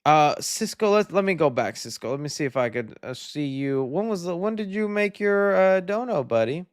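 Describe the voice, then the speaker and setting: Male livestream host with a high, bright-pitched voice; relaxed and chatty, dry close sound. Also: normal speed, clean tone, dry recording. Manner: relaxed, friendly and chatty, trailing off often. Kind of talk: casual livestream chat, reading viewer donations.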